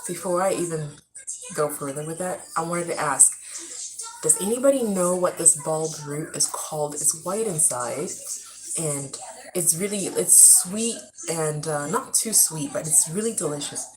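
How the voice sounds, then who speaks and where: A young woman from Africa with a low voice chats at length on a live stream from her home, rambling from one story to the next. Her animated talk comes through a phone mic. A steady noise sits under the whole recording. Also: measured pace, rough recording. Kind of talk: casual live-stream chat.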